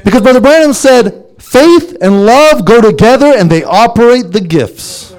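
A man's voice: very high-pitched, lively intonation, normal speed. A man preaching a sermon with an impassioned, repetitive cadence. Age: adult with young sons.

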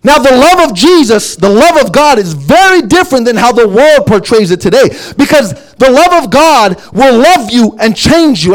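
High-voiced, animated male preacher. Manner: emphatic preaching, swinging from hushed asides to loud exclamations. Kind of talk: sermon.

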